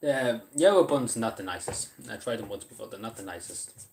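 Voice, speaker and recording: An Irish man chats casually on a live stream, reading and answering chat while eating as he talks. He rambles with lots of ums and restarts, his lowish, slightly mellow voice animated and brisk. There is a little hiss or hum.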